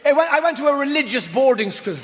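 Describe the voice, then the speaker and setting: A man with an Irish accent doing a stand-up routine on stage, ranting in a deadpan, drawn-out way. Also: very high-pitched. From Ireland. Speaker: stand-up comedian. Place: comedy venue stage. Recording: reverberant venue with audience noise.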